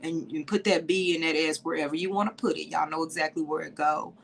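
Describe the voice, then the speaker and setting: A woman's voice: low voice, fairly even intonation, quick pace, vocal fry. A woman hosting a podcast in a livestream, talking to women listeners with heartfelt emotion and tears, saying y'all often. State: teary, sniffling. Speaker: podcast host.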